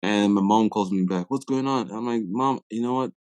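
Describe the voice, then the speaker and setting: A man's voice: fairly low pitch, normal speed, a little mellow, clean tone, no room sound. A young man from Africa, a podcast guest, telling a story in a casual way. He acts out quoted dialogue and often uses "like" as a filler.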